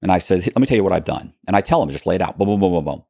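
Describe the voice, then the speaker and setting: A man telling a story as an interview guest, acting out quoted dialogue with halting restarts. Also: sits low, animated, creaky, a little mellow, dry recording, studio quality.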